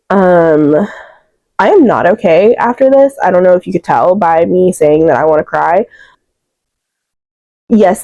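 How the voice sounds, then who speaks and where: Low, mellow-voiced young woman gushing about books. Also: no room sound, poor audio. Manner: emotional, rambling, many "like" fillers. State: close to tears. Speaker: book reviewer. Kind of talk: casual book wrap-up chat.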